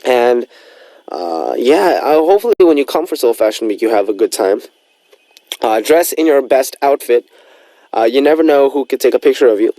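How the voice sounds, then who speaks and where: A man's voice: medium pitch, animated, brisk, dark tone, no room sound. A young man hosting a radio show in a studio, chatting casually and rambling with lots of fillers.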